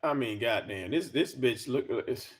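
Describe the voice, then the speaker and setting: A commentary vlogger rants in exasperated, profane reaction, stammering and repeating himself. His mid-range voice is expressive and moves at a normal speed.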